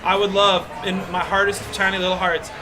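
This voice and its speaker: A man hosting a casual live stream in an arcade, joking and rambling excitedly. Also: sits high, fairly quick, music in the background. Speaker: stream host.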